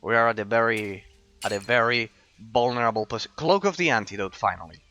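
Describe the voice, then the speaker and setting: A man's voice: lowish voice, fairly quick, pushed and bright, lo-fi sound. A man giving casual let's-play commentary, thinking aloud, trailing into fillers and swearing now and then. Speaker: gameplay commentator.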